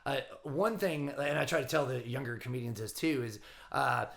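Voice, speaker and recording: A man's voice: medium pitch, normal speed, gravelly. A male comedian in casual podcast chat, telling anecdotes and acting out the people in them. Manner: animated storyteller, acts out quoted voices.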